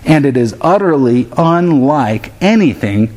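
A man's voice: medium pitch, lively intonation, unhurried, a little mellow. A man in his thirties preaching a sermon, earnest and direct, now and then acting out his children's voices to make a point. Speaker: pastor.

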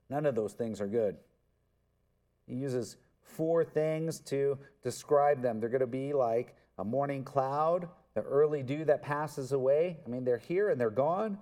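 A man's voice: medium pitch, a little slow, dark tone. A man preaching an expository sermon, earnest and emphatic, repeating words for stress. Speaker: pastor.

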